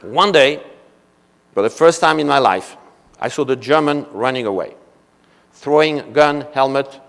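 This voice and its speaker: A man in his seventies from France, speaking with a French accent, giving a conference keynote as a string of anecdotes with many "you know" asides. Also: mid-range voice. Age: 70s. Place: convention hall. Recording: long reverb of a large hall.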